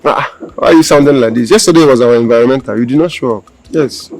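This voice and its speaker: An actor playing a cocky young levy collector, teasing and bullying. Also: male voice, mid-range voice, quick pace, a little mellow, lightly acted.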